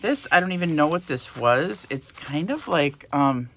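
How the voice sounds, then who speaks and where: A woman vlogger casually showing a handmade journal, soft-spoken and a little emotional, rambling with fillers. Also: low voice, sing-song, unhurried, slight background noise. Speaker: crafting vlogger. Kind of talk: casual show-and-tell.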